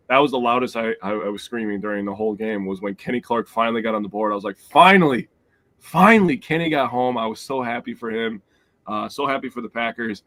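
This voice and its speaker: A man whose voice sounds sick and congested from a cold goes through stats in a casual sports chat, with lots of "uh" fillers. His voice sits fairly low, and the recording is dry and close over a remote call. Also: dry recording. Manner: stat-heavy, lots of "uh" fillers, excitable. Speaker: podcast co-host.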